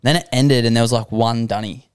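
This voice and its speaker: A man's voice: mid-range voice, steady tone, a little fast, clean tone, dry recording, clean studio sound. A man with a Western Sydney Australian accent telling rambling, sweary stories as a podcast guest. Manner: swears freely, rambling storytelling with many fillers. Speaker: podcast guest, extreme sports athlete. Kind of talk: casual chat.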